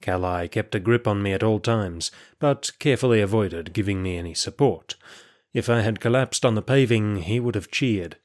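A man giving steady, measured first-person narration of a story. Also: fairly low pitch.

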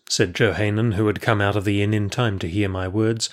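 A man reads a first-person historical story aloud in a measured, even audiobook style. His voice sits on the lower side for a man. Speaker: audiobook narrator.

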